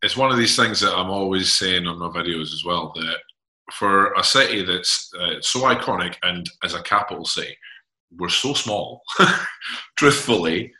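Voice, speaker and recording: A man's voice: low voice, normal speed, sharp tone, roomy sound, low-quality recording. A man hosting his own channel, chatting with a guest in a friendly, somewhat stammering way. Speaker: channel host. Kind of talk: casual interview chat.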